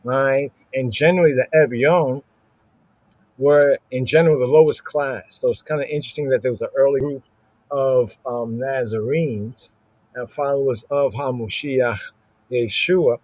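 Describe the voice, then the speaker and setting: A man's voice: mid-range voice, moderate pace, a little mellow, no echo, lo-fi sound. Teacherly man. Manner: teacherly, repeats words, asks "right?" often. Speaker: Bible study teacher. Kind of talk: livestreamed Hebrew scripture lesson.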